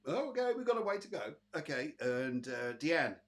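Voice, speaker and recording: A British man hosts a live online psychic show, chatting easily with his viewers and calling them by name. His voice is a little husky. He rambles warmly through the readings with plenty of fillers and restarts. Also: on the high side, sing-song, normal speed. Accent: British English. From Britain. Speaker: psychic medium and show host.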